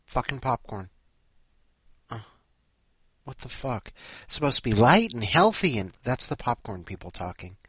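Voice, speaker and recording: A man's voice: on the low side, a bit bright, no room sound, clean studio sound. A man hosting a podcast, rambling casually with lots of swearing and self-mocking grumbles. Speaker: podcast host.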